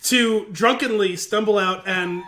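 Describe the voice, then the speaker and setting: A man co-hosting a podcast, telling a rambling, animated story with laughter over a remote call. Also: high-pitched, a little slow. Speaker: podcast co-host. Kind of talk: casual chat. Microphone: video call.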